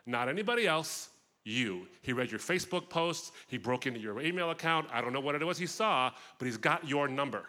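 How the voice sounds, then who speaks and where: A man with a bright, clear-edged voice speaks to a crowd as a guest speaker, recounting a personal testimony. He tells the story expressively, pausing for vivid asides, with his pitch sitting in an ordinary middle range. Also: expressive. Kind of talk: personal testimony talk at a festival.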